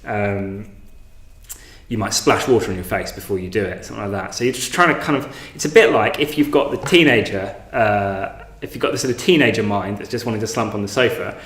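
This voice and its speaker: Male meditation teacher, low voice, hesitant and loose, roomy home recording. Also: a little fast, fairly bright tone. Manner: hesitant, many fillers and restarts. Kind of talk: informal meditation talk. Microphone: online class, home recording.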